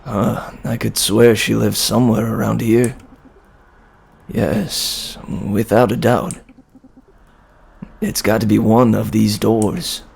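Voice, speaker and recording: Gravelly, slow man playing a game. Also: on the low side, flat delivery, a little mellow. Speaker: game player. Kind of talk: let's-play commentary and reading dialogue.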